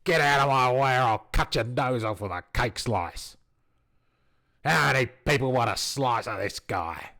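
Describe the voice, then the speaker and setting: A man voicing a furious male wasteland raider who shouts threats while waving a cake slice. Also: medium pitch, measured pace. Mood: menacing.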